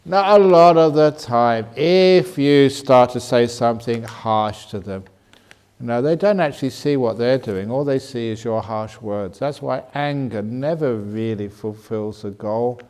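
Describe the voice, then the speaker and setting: A man, a Buddhist monk, answering questions at a meditation retreat in a gently humorous way, slowing and softening his voice to show calm speech. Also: medium pitch, clean tone. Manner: gently humorous, laughs at his own jokes. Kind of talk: dharma Q&A talk at a retreat.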